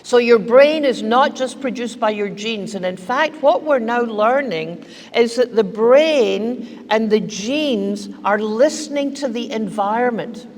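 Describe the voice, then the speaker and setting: A woman delivers a keynote to parents in an unhurried, conversational way, circling back to repeat her key points. Her voice sits fairly high, and a long reverb trails behind each phrase, as if in a large hall. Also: a little mellow. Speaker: keynote speaker. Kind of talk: conference keynote talk to parents.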